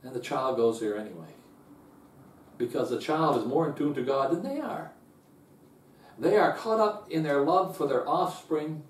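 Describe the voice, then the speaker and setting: A man earnestly teaches a Bible lesson at a normal speed, pausing often, restarting, and repeating words. When he stresses a point his voice climbs in pitch and loudness. The recording is distant, in an echoey room.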